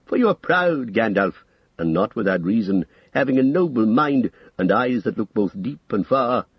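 Old male wizard, persuasive and proud, man doing the voice, husky tone, dry lo-fi audiobook. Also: on the low side, lively intonation, moderate pace, dry recording. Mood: scornful. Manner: smooth coaxing, rising to lofty emphasis. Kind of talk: audiobook character reading.

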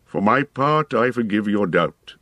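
Audiobook ranger heir, read by a man: low-pitched, grave, measured, dry mic. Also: animated, a bit bright, no echo. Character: weathered male ranger, noble and steady.

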